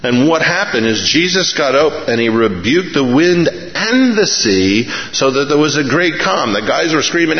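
A man's voice: medium pitch, unhurried, few pauses, a little hiss or hum. A middle-aged man preaching a sermon, telling stories with animation and acting out the voices of the people in them. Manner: animated storytelling, acts out voices. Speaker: pastor. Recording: echoey hall, dull sound.

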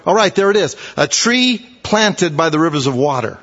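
A man preaching a sermon, telling folksy stories and switching between quiet asides and loud, emphatic points. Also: a little high, sing-song, moderate pace, few pauses, big-room sound, highs cut off. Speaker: pastor.

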